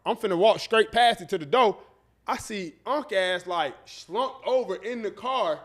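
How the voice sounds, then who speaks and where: High-voiced man telling an animated story. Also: unhurried. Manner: animated, profane storytelling with acted-out quotes. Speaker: podcast co-host. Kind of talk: casual storytelling.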